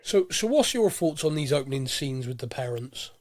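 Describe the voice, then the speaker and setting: A man's voice: medium pitch, very animated, moderate pace, no echo, studio quality. Man with a head cold. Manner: chatty, rambling with fillers. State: head cold, a bit nasal. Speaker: podcast host. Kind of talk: casual chat.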